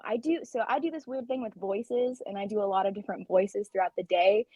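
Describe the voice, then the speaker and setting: A woman's voice: mid-range voice, a little fast, few pauses, mellow, dry recording. A woman guest on a podcast, a pastry chef, chatting in a bubbly, easygoing way. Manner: bubbly, chatty, laughs easily. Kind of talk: casual interview chat.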